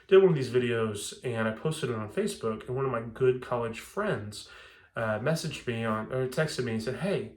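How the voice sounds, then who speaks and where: A man's voice: mid-range voice, lively intonation, normal speed. Rambling, chatty young man. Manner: chatty, rambling, frequent restarts. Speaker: bourbon video host. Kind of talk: casual home cocktail demo.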